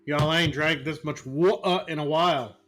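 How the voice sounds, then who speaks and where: A man's voice: fairly high pitch, moderate pace, a bit bright, faint music behind. A man chatting casually on a live stream at home, exclaiming and repeating words.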